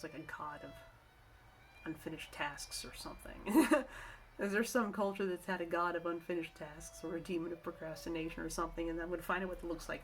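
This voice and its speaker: A middle-aged woman talks casually to the camera in a vlog, offering work-from-home tips in a rambling, chatty way full of restarts, asides and self-corrections. Her voice sits on the low side, with a bit of background noise.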